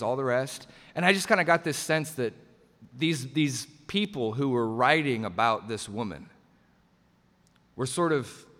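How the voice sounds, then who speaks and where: A man's voice: fairly high pitch, a bit bright. A man preaching a sermon in a conversational way, slipping into quoted voices as he retells the passage. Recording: long hall reverb.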